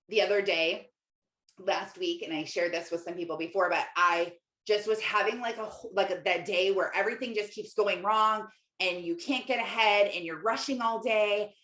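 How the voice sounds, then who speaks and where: A woman's voice: medium pitch, steady tone, normal speed, bright, forceful tone. A middle-aged woman hosting a podcast as a Christian life coach, talking in a chatty, rambling way with lots of fillers. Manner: chatty, rambling, many fillers and self-quotes. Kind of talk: casual confessional monologue. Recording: roomy echo.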